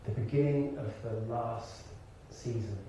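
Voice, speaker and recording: An actor and director from Birmingham, England, is the interview guest in an onstage conversation before an audience in a large hall, telling animated stories with frequent restarts and laughter. His mid-range voice is unhurried. The recording is echoey, captured from far off with background hiss.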